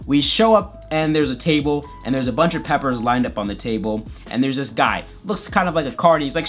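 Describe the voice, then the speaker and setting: A man's voice: on the high side, normal speed, faint music behind. A man vlogger narrating a comedic personal story in a playful, exaggerated way.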